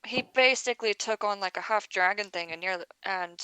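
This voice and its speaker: Bright-voiced woman playing a tabletop game. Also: medium pitch, smooth, no room sound. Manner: hesitant, halting, full of fillers. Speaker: player. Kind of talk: casual tabletop game play.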